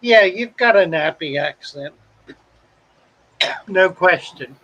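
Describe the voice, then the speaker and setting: A man from South Carolina hosts a live stream in a relaxed drawl. His voice sits high and bright, and he talks slowly while chatting through viewer comments. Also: dull audio. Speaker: host of a live fish-keeping stream. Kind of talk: casual live-stream chat reading comments.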